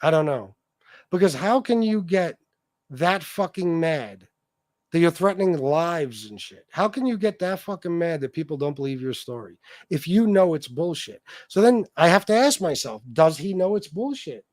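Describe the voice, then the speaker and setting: Profane, ranting livestream host. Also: male voice, a little high, animated, moderate pace, a little mellow, no room sound, studio quality. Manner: profane, heated, repetitive.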